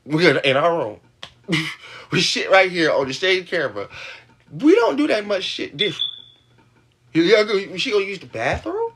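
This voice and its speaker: A man's voice: high-pitched, very animated, normal speed, long pauses, a bit bright, breathy edge. Man venting, laughing and swearing. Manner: rambling, laughing often, swearing, voice jumping up when worked up. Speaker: livestream host. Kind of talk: venting monologue to a live audience.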